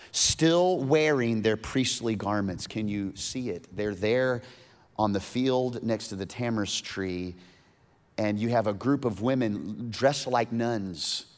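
A male pastor preaching a sermon, animated and emphatic, often restarting his words. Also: medium pitch.

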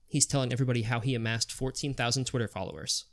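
A man telling a story on a podcast, animated and swearing, acting out the people he quotes. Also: medium pitch, rapid-fire. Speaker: podcast host. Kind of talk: casual storytelling chat.

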